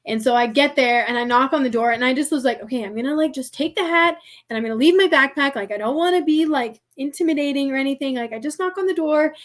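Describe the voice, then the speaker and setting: A young American woman with a high voice tells a story on a podcast. She is chatty and casual and fills her speech with "like". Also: fast, few pauses. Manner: chatty, heavy use of "like", laughs often. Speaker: podcast guest.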